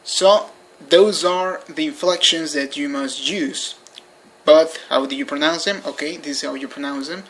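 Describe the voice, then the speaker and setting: A language teacher talks through a lesson indoors with a bright, forceful tone. The delivery is patient and repetitive, and word endings are spelled out one letter at a time. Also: mid-range voice, normal speed. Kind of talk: informal recorded lesson. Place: indoors by a window.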